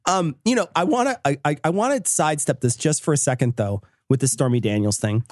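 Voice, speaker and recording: Man, podcast co-host, casual comedic chat, giggly, rambling, lively intonation, dry close studio sound. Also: a little high, fairly quick, dry recording. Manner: chatty, giggly, rambling restarts.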